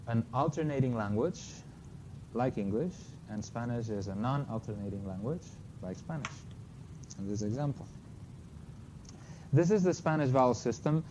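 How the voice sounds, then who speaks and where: A man's voice: mid-range voice, a little mellow. A man giving a linguistics lecture with slides, explaining carefully and correcting himself with brief apologetic asides. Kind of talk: academic talk with slides. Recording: slightly dull lo-fi lecture recording with faint noise.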